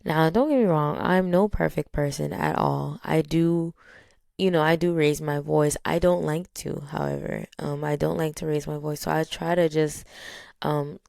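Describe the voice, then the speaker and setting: A woman with a low voice and some vocal fry talks through her thoughts in a steady, unhurried way. Her tone hardly changes, and she fills her pauses with small fillers. The sound is dry and close. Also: no echo. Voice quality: low, even tone. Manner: calm, steady, many fillers. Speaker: podcast host. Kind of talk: casual reflective talk.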